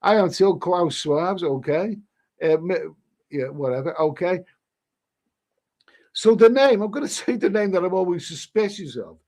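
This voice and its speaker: A middle-aged man chats casually on a live stream, reacting to viewer comments. His voice sits a little high for a man. He rambles, repeats words and often restarts his sentences. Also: animated, measured pace, long pauses, a little mellow.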